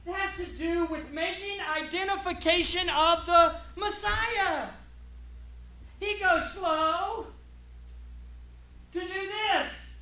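A man preaching a sermon as pastor, emphatic, moving from hushed asides to shouted points. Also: very high-pitched, unhurried, long pauses, dull audio.

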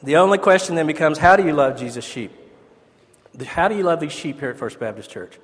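Speaking fairly quickly in a slightly high, animated voice, this pastor preaches an earnest, conversational ordination sermon, full of asides and restarts. The church sanctuary gives the recording a long reverb.

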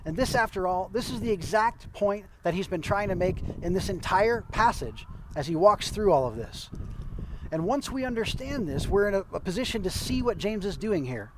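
A man's voice: high-pitched, lively intonation, moderate pace, noisy background. A man preaching a sermon as a pastor, explaining scripture in a conversational way with occasional light humor.

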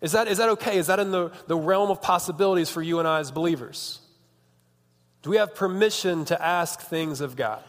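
A man in his thirties, a youth pastor, gives a casual, joking sermon in a fairly high voice at a fairly quick clip. He's chatty and keeps breaking off mid-sentence. The sound carries the long reverb of a large hall.

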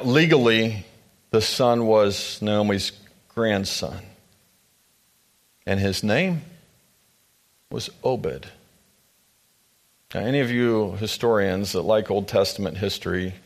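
A man's voice: on the low side, vocal fry. Pastor man reading to his congregation. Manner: addresses congregation with asides. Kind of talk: sermon with storybook reading.

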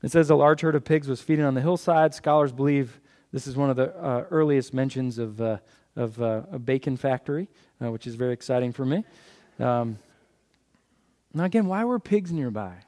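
Preaching as a guest, this man speaks at medium pitch and a moderate pace. He's animated, tosses out questions he answers himself, and slips in the occasional joke.

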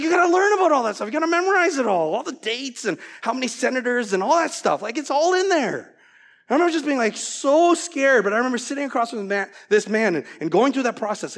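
A male pastor delivering a sermon in a high, light voice. He is animated, climbing into excited, louder stretches and then dropping to near-hushed, intense lines. He grew up abroad before becoming a citizen. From from outside the US, naturalized American. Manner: animated, swings from loud to hushed.

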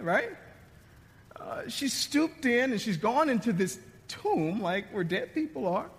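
A male pastor delivering a sermon in a conversational, dramatic way, often dropping to a hushed tone. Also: very high-pitched, big-room sound. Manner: conversational, dramatic preaching with sudden drops to hushed tones.

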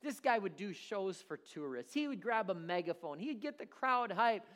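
A man preaching a sermon, animated and acting out characters in his stories. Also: high-pitched, moderate pace. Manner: animated, acts out voices in stories.

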